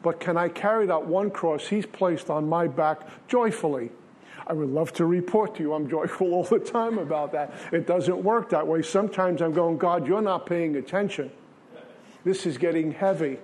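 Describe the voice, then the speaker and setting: A man's voice: a little high, moderate pace, darkish tone. A man giving an earnest personal spiritual testimony at a recovery meeting, telling a story in plain everyday words.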